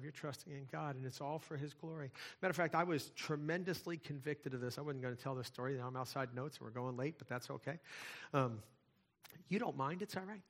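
A middle-aged male pastor preaching in a conversational way, moving from hushed asides to loud, fervent passages. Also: on the high side. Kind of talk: sermon.

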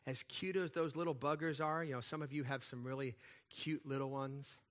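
A man preaching a sermon as pastor, conversational and animated, with playful asides and frequent check-ins with the congregation. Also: medium pitch, normal speed.

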